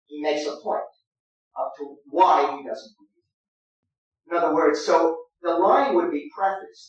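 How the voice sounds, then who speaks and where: A man's voice: a little high, normal speed. A man teaching an acting master class, giving directions and demonstrating lines aloud. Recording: echoey room, distant mic, dull sound.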